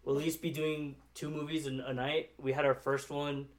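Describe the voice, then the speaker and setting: A man's voice: a little high, flat delivery, moderate pace. Rambling, laughing male storyteller. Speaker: podcast co-host. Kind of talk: casual chat among friends.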